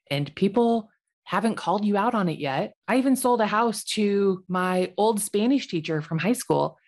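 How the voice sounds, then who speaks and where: A woman in her forties, a realtor, giving chatty, self-deprecating advice in a solo podcast. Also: fairly low pitch.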